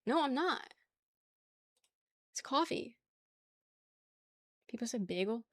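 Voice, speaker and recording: A woman's voice: a little high, lively intonation, slow pace, dry recording. A young woman from the New area, chatting casually on a stream, rambling, laughing often and reading chat aloud. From New York area.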